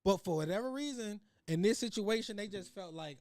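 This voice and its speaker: A man's voice: high voice, expressive, fairly quick, darkish tone, dry recording, studio quality. A man with a Chicago West Side accent, co-hosting a casual podcast chat, rambling with many restarts and laughing through his stories. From Chicago, USA. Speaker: podcast co-host.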